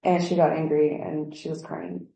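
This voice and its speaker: Woman, low mellow voice, rambling workplace account, echoey room. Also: flat delivery, moderate pace, creaky, a little hiss or hum. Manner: rambling, acts out quoted dialogue. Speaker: employee giving a workplace statement. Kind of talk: recorded workplace interview.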